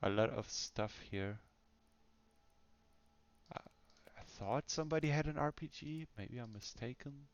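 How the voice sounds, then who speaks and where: A man's voice: mid-range voice, unhurried, long pauses, muffled recording. Chatty man commenting gameplay. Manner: chatty and self-mocking, often laughing to himself. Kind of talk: casual let's-play commentary.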